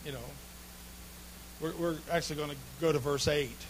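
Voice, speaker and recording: A man preaching a humorous sermon, telling folksy stories with sudden bursts of shouting and laughter. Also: on the high side, moderate pace, background noise.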